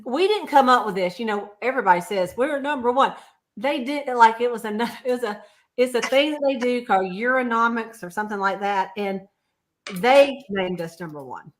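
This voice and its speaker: A woman's voice: fairly high pitch, a little fast. A woman chatting casually on a video call, telling customer stories and laughing often. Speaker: sales consultant. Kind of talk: casual livestream chat.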